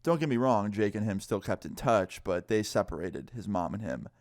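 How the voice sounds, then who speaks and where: A young man casually telling a story time, animated and swearing, acting out what people said. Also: lowish voice, normal speed, dry recording. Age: young adult. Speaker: storyteller vlogger.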